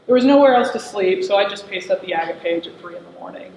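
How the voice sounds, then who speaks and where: A man's voice: high-pitched, quick pace, a little mellow, a little hiss or hum. A middle-aged man performing an autobiographical monologue in a wistful, reflective storytelling manner. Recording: echoey, slightly dull room recording.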